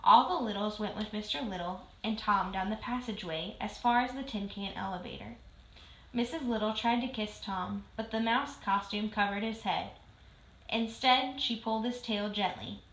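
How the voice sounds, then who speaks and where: A woman reading a children's book aloud in a clear, steady storytelling manner. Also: medium pitch, normal speed. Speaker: reader. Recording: roomy echo.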